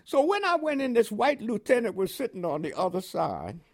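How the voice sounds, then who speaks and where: An older man from Panama speaks with a New York accent carrying West Indian inflections. His pitch sits a little high and swings widely as he tells his story. He acts out other people's lines and laughs now and then. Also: fairly quick. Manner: animated storyteller with laughs and quoted dialogue. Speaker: interviewee, veteran. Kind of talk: oral history storytelling.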